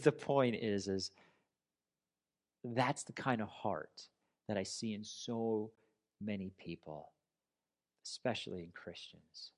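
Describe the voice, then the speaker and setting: A man preaching a sermon in an earnest, conversational way, telling a personal story. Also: medium pitch. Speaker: pastor.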